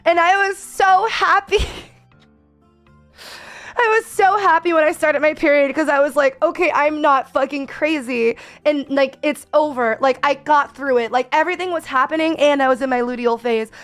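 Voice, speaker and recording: A young woman streamer talking candidly in a casual, expressive chat with her viewers. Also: high voice, moderate pace, soft background music.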